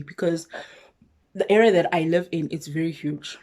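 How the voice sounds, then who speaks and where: A young South African woman vlogger telling a personal story in a casual, animated way, acting out both sides of a conversation. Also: lowish voice, measured pace, pauses often.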